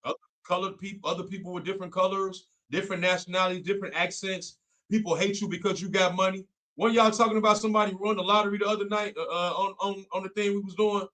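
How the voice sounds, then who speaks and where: On a faith talk show, a young male co-host preaches a Bible study talk on scripture in a fervent, repetitive, colloquial way. His voice sits high and is a bit bright, with a steady tone and a quick pace.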